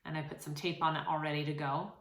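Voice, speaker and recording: A woman's voice: deep voice, level tone, fast talker. A woman hosting a sewing tutorial, talking casually and encouragingly with frequent fillers. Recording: echoey room.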